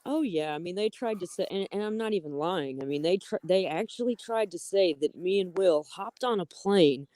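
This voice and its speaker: Woman, mellow tone, laughs easily, casual co-host, dry mic. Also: on the low side, lively intonation, no room sound. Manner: giggly, quick to laugh. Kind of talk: casual chat.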